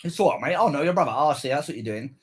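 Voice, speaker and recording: A man's voice: fairly high pitch, expressive, rapid-fire, slightly rough. A man angrily recounting a run-in with police, swearing constantly and repeating himself. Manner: swearing, bitter, repetitive. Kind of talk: angry personal rant.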